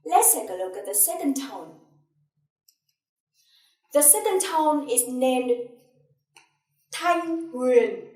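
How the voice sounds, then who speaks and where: A woman teacher with a Vietnamese accent, slowly explaining and demonstrating tones syllable by syllable. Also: sits high, a little mellow. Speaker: language teacher. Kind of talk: slow, deliberate language lesson. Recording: echoey room, a bit far from mic.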